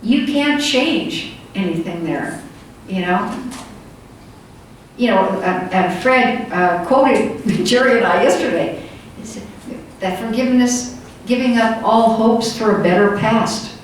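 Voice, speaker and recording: Older woman, conference speaker, chatty storytelling, slightly high voice, far from the mic. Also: takes it slowly. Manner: storytelling, conversational, many fillers. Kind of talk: conference talk. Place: conference hall. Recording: echoey hall from far off with faint room noise.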